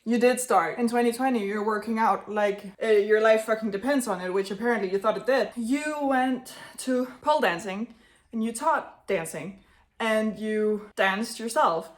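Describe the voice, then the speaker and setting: A woman's voice: a little high, normal speed. A woman in her twenties talking casually to the camera as a vlogger. She is chatty and blunt, swears freely, and speaks to her younger self. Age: 20s.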